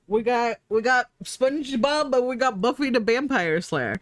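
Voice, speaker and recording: A woman's voice: a little high, animated, moderate pace, hardly any pauses, no echo. A woman streamer in casual chat, rambling and profane, laughing often as she talks.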